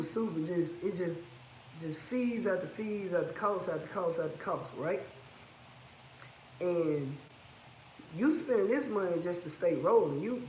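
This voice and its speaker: A man's voice: sits high, a little mellow, roomy sound, slight background noise, rough recording. A man who owns a trucking business, talking casually and bluntly about its costs, repeating his points for emphasis. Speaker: trucking business owner giving advice. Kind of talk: casual advice monologue.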